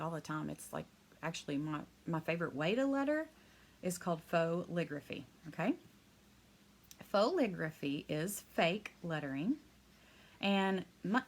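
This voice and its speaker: Fast-talking, excitable woman teaching lettering. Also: fairly low pitch. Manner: chatty, encouraging, laughs often. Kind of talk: live online craft lesson.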